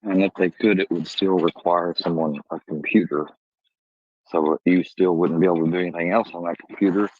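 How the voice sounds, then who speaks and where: A man's voice: low-pitched, steady tone, brisk, no echo. A man, chatting casually and loosely as a livestream host at home. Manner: rambling, loose and conversational. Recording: slightly dull lo-fi stream audio.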